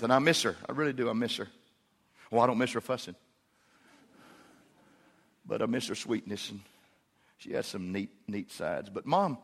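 A middle-aged man preaching a sermon, with folksy storytelling that swells into loud, emphatic preaching. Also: mid-range voice. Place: church sanctuary.

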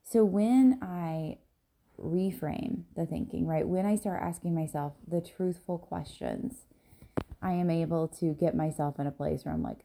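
A woman's voice: lowish voice, a little slow, gravelly, dark tone. A woman hosting a casual solo podcast, talking candidly and a little rambling, with many ums and "right?" tags, tired and yawning in the early morning. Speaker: podcast host and business coach.

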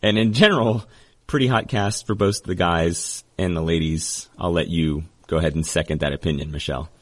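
A man hosting a podcast in a casual, chatty, joking way, full of quick asides. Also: low voice. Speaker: podcast host.

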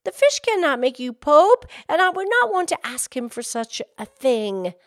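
A woman's voice: sits high, very animated, normal speed, dry recording, studio quality, pitched above the performer's own voice. A woman reading aloud, voicing a timid old fisherman who pleads with his wife and calls to the sea. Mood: pleading. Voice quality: fearful, pleading.

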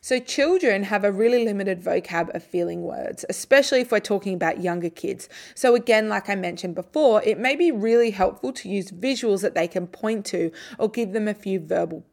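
Calm woman psychologist explaining steps. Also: medium pitch, a little fast, creaky, few pauses. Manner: calm, explanatory, models gentle phrases for parents. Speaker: psychologist and podcast host. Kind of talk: educational podcast explanation.

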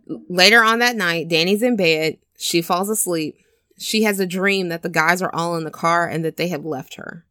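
A woman with a slightly low voice retells a film's plot for a podcast, loose and chatty. She bounces into the characters' lines as she goes. The recording is dry and close, with no room sound. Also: no echo. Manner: animated, acts out characters' lines with cursing and laughs. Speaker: podcast co-host retelling a film. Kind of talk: casual chat.

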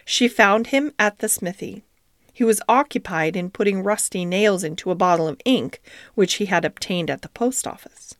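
A woman narrating a classic storybook in a gentle, expressive reading. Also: medium pitch, normal speed, dry recording, clean studio sound.

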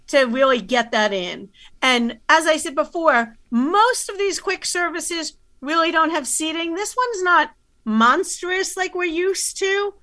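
A woman's voice: high voice, sharp tone. A woman co-hosting a casual chat, giving detailed, enthusiastic recommendations. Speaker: co-host.

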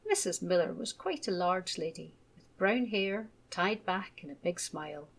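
A woman gently reading a children's story aloud. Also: fairly low pitch, expressive. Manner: gentle, measured.

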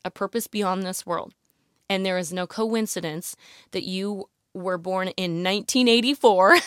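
A woman giving a casual Bible teaching to women listeners, animated and emotional, often saying "you guys" and "like, literally.". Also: medium pitch, smooth, dry recording, studio quality.

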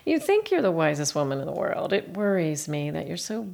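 A gravelly, wistful mother. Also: deep voice, sing-song, fairly quick, darkish tone, exaggerated voice. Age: middle-aged. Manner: emotional, drifting into breathy whispers. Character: wistful middle-aged mother reminiscing about first love. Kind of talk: film drama acting.

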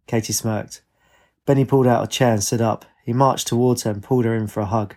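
A man narrating a story in a measured reading voice. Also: on the low side, steady tone, darkish tone.

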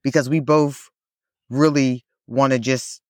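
A woman's voice: rumbling low, steady tone, measured pace, a little mellow, no room sound. Chatty woman podcast host, dry sound. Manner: chatty, lots of "like" and "you know", laughs often. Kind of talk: casual chat.

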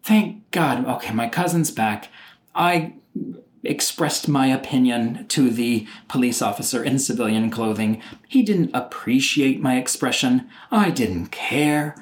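A middle-aged man telling a personal story in an animated, exasperated way, sometimes mimicking other people. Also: mid-range voice, unhurried, slight background noise.

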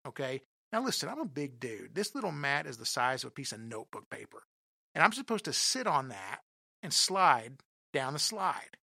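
Man, comic storyteller, forceful bright tone, dry close sound, self-mocking, animated. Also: on the high side, creaky, dry recording. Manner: animated, self-deprecating, addresses listeners directly.

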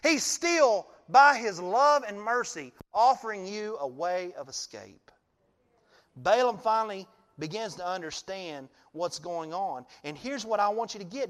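High-voiced male pastor preaching. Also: big-room sound. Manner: storytelling, animated, laughs often. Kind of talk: sermon.

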